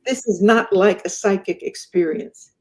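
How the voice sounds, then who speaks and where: Animated woman telling a story. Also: mid-range voice, measured pace. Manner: animated, acts out the voices in her stories. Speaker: guest. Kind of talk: telling a personal story in conversation.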